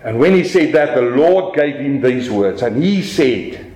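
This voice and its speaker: A man preaching a sermon as pastor, animated, slowing down for emphasis and swinging his voice up and down to make his points. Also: roomy sound, low-quality recording. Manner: animated preaching with dramatic pitch swings and slow emphatic phrases.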